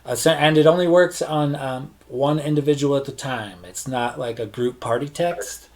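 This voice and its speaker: A man running an online tabletop game as game master, talking in a loose, relaxed way with lots of fillers and restarts. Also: medium pitch, moderate pace. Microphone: online session mic.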